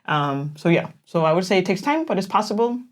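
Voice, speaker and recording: A woman's voice: lowish voice, very animated, a little fast. A woman co-hosting a casual chat, talking freely with frequent laughs and fillers. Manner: chatty, laughs often, says "like" a lot. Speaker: co-host.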